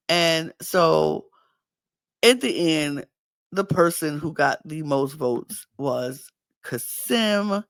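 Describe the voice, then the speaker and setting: A woman with a low voice hosts a casual podcast, taking her time as she animatedly recaps a reality show episode and acts out the cast members' lines. The recording has no room sound.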